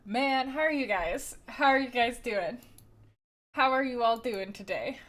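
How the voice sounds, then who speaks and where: A woman's voice: fairly high pitch, unhurried, a bit bright. A woman livestreamer chatting casually and greeting her viewers by name, giggling often.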